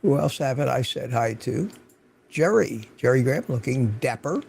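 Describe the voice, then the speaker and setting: A man's voice: medium pitch, expressive, moderate pace, creaky, a little mellow, breathy edge. An older man hosting a livestream, chatting casually and rambling as he greets viewers by name from his home studio. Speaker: livestream host.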